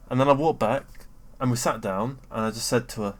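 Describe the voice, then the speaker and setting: A young British man ranting off the cuff in a middle-pitched voice. His delivery wanders and stalls on fillers, then jumps into loud, excitable bursts, with plenty of swearing along the way. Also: brisk. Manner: rambling and sweary, with frequent fillers and self-interruptions; excitable, often jumping up in pitch and loudness. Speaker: vlogger. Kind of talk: casual rambling rant.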